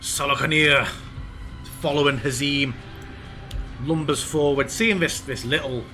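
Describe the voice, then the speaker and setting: Bright-toned male game master, relaxed and casual, light music behind. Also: on the high side, unhurried. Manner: relaxed, swears casually while narrating. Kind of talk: narrating a tabletop game.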